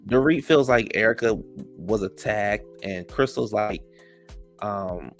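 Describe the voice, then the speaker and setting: A man's voice: on the low side, takes it slowly, faint music behind. A man giving a sassy, gossipy casual recap of a reality show, calling listeners "child" and "honey.". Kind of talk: casual episode recap commentary.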